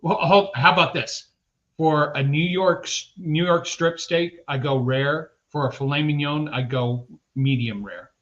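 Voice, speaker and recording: Bright-voiced man on a podcast. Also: a little high, measured pace, highs cut off. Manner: confident, explains things matter-of-factly. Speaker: podcast co-host. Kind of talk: casual sports podcast chat.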